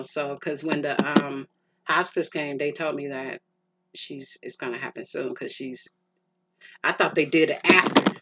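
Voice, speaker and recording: A middle-aged woman hosting a podcast, telling a personal story in an emotional, rambling way with many restarts, and calling the listener "girl". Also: deep voice. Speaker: podcast host. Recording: muffled lo-fi with faint hiss.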